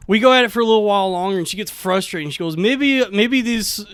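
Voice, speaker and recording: High-voiced guy, bright tone, acts out lines while telling a story, casual podcast chat. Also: rapid-fire, clear, resonant tone, dry recording. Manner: candid, laughs often, acts out the other person's lines.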